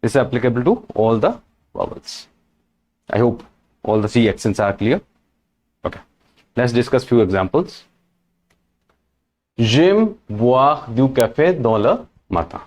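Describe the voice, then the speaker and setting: Man, language teacher, animated pitch, slow delivery, repeats every example. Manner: repeats each example several times, checks with "right?" and "correct?". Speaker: French teacher. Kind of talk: slow, repetitive language lesson.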